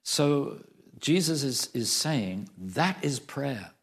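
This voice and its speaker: A man's voice: medium pitch, expressive, slow, fairly bright tone. A man preaching a sermon, emphatic, repeating phrases for stress and asking the congregation questions.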